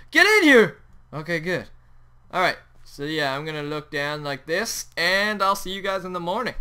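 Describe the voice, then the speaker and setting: A young man hosting a Minecraft let's play, talking excitedly over his gameplay and yelping at sudden moments. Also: fairly high pitch, clear, resonant tone. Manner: excitable, yelps and shouts at the game. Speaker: gaming channel host.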